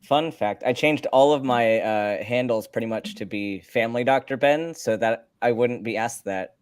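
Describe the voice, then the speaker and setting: A man's voice: mid-range voice, moderate pace, clear, resonant tone, no room sound, studio quality. Laughing man telling anecdotes. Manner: laughs easily, tells light anecdotes. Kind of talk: casual chat.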